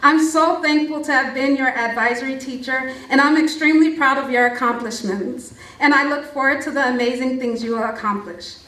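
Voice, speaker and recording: A woman's voice: sits high, a little fast, hardly any pauses, a bit bright. A woman teacher giving a heartfelt prepared speech introducing a student at an event, laughing often. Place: large library event hall. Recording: echoey room from far off.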